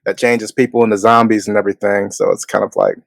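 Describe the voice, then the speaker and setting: A man's voice: on the low side, level tone, fast, vocal fry, no room sound. A man co-hosting a casual talk show, chatting in a laid-back way and laughing easily. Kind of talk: casual chat.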